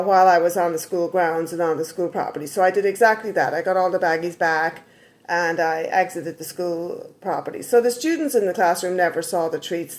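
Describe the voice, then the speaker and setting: A woman telling a personal story in a casual vlog, animated and given to sarcastic asides. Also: on the low side.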